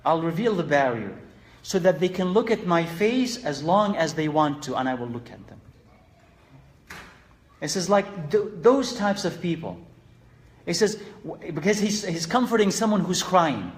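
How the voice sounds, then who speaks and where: A man giving an earnest religious lesson, asking rhetorical questions and mixing Arabic phrases into his English. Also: fairly high pitch. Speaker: Islamic teacher.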